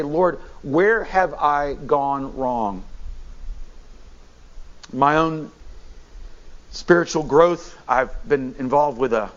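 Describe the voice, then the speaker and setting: A man, a bishop, preaching a sermon in an animated way, often restarting and repeating words as he goes. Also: mid-range voice, muffled recording.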